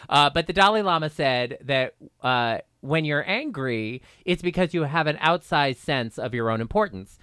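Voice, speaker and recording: A man's voice: on the high side, lively intonation, moderate pace, few pauses, sharp tone, smooth, no echo, studio quality. A man chatting as a podcast guest, rambling and gossipy with self-mocking humor. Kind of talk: casual comedic chat.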